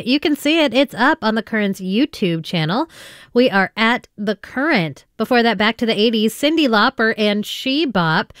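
A woman's voice: a little high, clear, resonant tone, dry recording, clean studio sound. A woman radio DJ back-announcing songs between tracks in a friendly, conversational way that speaks straight to the listeners. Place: radio studio.

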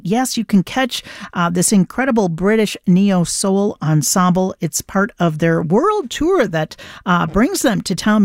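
A chatty, upbeat woman hosting music radio, her voice sitting at an ordinary middle pitch. She talks casually with easy fillers, spinning little stories about bands. The studio sound is close and dry, with no room echo. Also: darkish tone.

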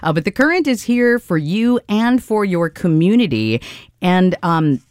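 A woman's voice: on the low side, very animated, measured pace, a little mellow, no room sound, clean studio sound. A woman from central Minnesota with a Midwestern accent, hosting a morning radio pledge drive with enthusiastic, rambling talk. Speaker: radio host.

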